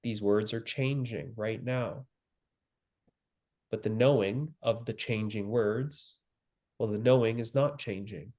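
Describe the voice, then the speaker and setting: A man giving a spiritual teaching, speaking calmly and slowly with long pauses and repeated phrases. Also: lowish voice. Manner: calm, slow and repetitive, with long pauses. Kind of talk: slow guided spiritual teaching.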